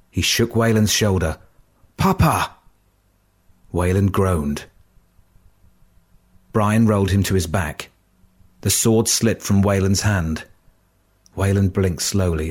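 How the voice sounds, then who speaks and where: In a low, husky voice, a man narrates a dark adventure story. His audiobook reading is measured, slow, and steady, letting each line settle.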